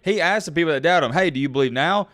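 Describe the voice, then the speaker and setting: A man giving casual sports commentary, animated and excitable, talking straight to his viewers. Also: a little high, quick pace, no echo.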